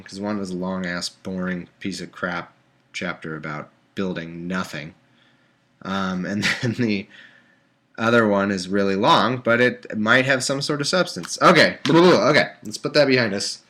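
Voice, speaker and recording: A man's voice: lowish voice, normal speed, bright, forceful tone. A man live-streaming from home, reading scripture aloud and breaking off into exasperated, sarcastic rants. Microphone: webcam or desktop mic.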